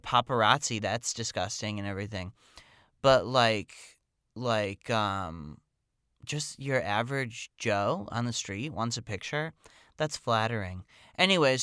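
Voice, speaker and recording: Male podcast storyteller, chatty and meandering, crisp bright tone, close dry sound. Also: medium pitch, dry recording. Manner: rambling, full of "like" and "um". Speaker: podcast host telling a personal story. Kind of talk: casual storytelling monologue.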